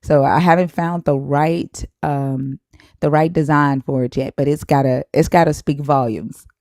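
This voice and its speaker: A woman with a Southern accent hosting a live stream, chatting casually, shouting out viewers and laughing often. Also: low-pitched, fairly even intonation, measured pace, no echo, studio quality.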